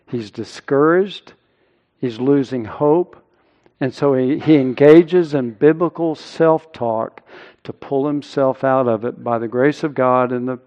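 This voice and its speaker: A middle-aged male pastor preaching a sermon, earnest, rising loud and high when he quotes scripture.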